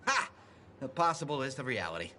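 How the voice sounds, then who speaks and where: A man's voice: mid-range voice, very animated, brisk, bright, forceful tone, slight background noise. An actor playing an eager, talkative young man in video game dialogue.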